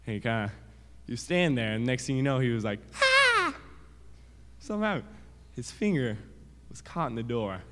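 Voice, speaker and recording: A man's voice: mid-range voice, lively intonation, fast. A man telling a story to children, in a casual, rambling way with restarts and acted quotes. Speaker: children's sermon speaker. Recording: reverberant hall.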